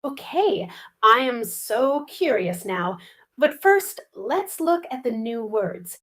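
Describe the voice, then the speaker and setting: A woman's voice: fairly high pitch, sing-song, slow, a bit bright. A woman co-hosting a lesson for English learners, eagerly asking questions about the story. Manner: curious and eager, asks many questions. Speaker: co-host.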